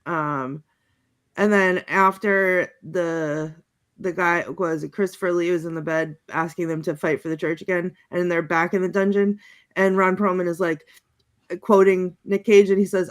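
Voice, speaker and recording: A woman on a panel chatting casually, halting with many ums and little laughs as she runs through her notes. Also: on the low side, steady tone. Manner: chatty, halting, reads out movie quotes with giggles and many ums. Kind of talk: casual chat.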